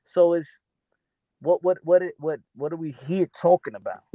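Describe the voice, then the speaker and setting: Insistent New York man, fairly high voice. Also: moderate pace, no echo, narrow, tinny audio. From New York City. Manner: insistent, talks over others, repeats words. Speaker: boxing commentator. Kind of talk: heated casual debate.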